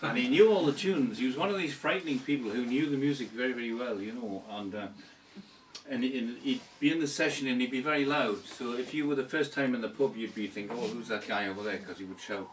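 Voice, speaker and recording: A man's voice: medium pitch, fast, a little hiss or hum. A man, a folk singer telling a story on stage at a live pub gig, chatty with laughing asides. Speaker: folk singer introducing a song. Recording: echoey live room from far off, guitar.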